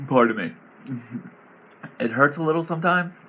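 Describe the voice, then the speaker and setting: A man casually explaining his tabletop role-playing character, rambling and animated and laughing often. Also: on the high side, takes it slowly, breathy edge, poor audio.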